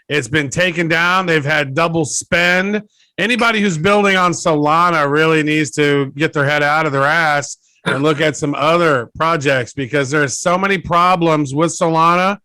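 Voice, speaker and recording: A man's voice: on the high side, sharp tone, clean tone, no echo. A man playing a podcast quiz contestant, giving blunt, opinionated and jokey answers in casual chat.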